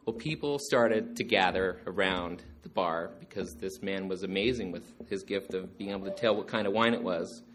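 A man telling stories about his father to a gathering, animated and acting out the jokes. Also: sits low, normal speed, hardly any pauses, a little hiss or hum. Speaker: storyteller remembering his father. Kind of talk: storytelling to a gathering.

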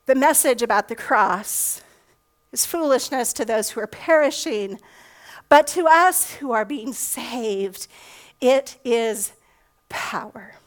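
Brief: middle-aged woman preacher with a high voice and a relaxed, conversational sermon delivery. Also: slow, poor audio. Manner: conversational, asks rhetorical questions. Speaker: pastor.

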